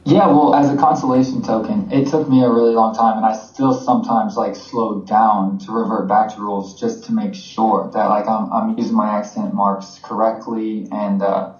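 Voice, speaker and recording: An American man co-hosting a podcast explains things in a relaxed, conversational, teacherly way, using fillers and hardly pausing. His voice is on the low side and his pace is moderate. The recording sounds roomy and slightly dull.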